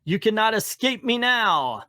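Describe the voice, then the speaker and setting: A man reading aloud as a gloating male sorcerer villain in a loud, theatrical voice. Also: high voice, very animated, unhurried, dry recording, pitched above the performer's own voice, exaggerated voice.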